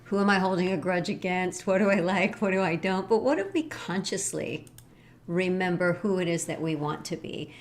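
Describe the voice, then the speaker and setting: Earnest woman co-host, low-pitched. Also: moderate pace, a little hiss or hum. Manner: earnest, repeats affirmations in a gentle chant. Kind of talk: casual wellness chat.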